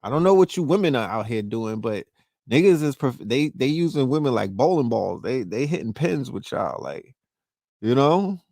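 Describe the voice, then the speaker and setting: Male podcast host with a gravelly voice, loose and profane, always checking in with the listener, dry close sound. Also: mid-range voice, big pitch swings, moderate pace, mellow, no room sound. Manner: loose, profane, keeps asking "you know what I mean?". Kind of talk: casual monologue.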